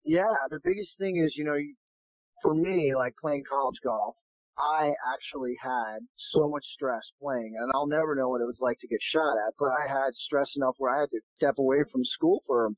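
A man, a golf professional, talking casually as a guest, hoarse and losing his voice, rambling with many restarts. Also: mid-range voice, normal speed, no room sound. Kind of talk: casual phone interview. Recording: tinny phone line.

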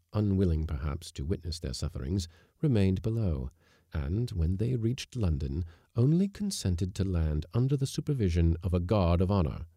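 A man narrating an audiobook story with measured, expressive delivery on a close mic. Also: sits low, no room sound.

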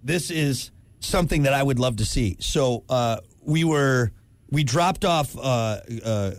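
A man co-hosting a podcast, telling a story in animated, exasperated casual chat. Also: medium pitch, a little slow, no echo. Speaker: podcast co-host.

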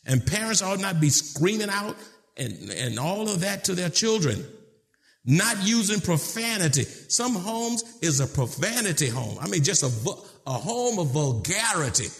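Man, preacher, sermon, fairly high voice, low measured passages, shouted emphatic questions. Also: very animated. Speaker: pastor.

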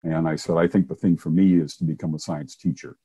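An older man speaks in a very low, husky voice, mellow and unhurried. He is a minister and former science teacher who tells his story casually and laughs often. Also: steady tone. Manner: warm anecdotal storytelling with chuckles. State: hard of hearing, wears hearing aids.

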